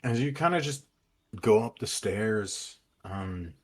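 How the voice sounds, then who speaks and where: A man narrating as game master, relaxed and hesitant, with many fillers. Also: fairly low pitch, takes it slowly.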